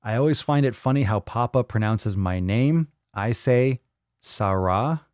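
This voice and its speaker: A man's voice: mid-range voice, moderate pace, a little mellow, dry recording, clean studio sound. A man hosting a casual fitness livestream, reading viewer comments aloud, joking, teasing and swearing freely as he plays with how names are said.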